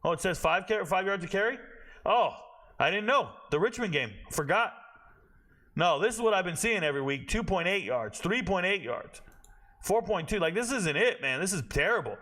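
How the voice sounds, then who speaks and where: A man hosting a college football show, giving blunt, profane, animated opinions and muttering to himself as he checks stats. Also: high voice, moderate pace. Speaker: college football podcast host. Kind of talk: casual opinionated commentary.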